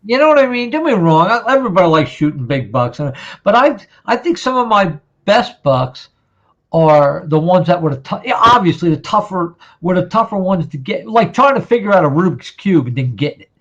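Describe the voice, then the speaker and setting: A man hosting a casual chat, easygoing and quick to laugh, with mostly short replies. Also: high-pitched, very animated, a bit bright, lo-fi sound.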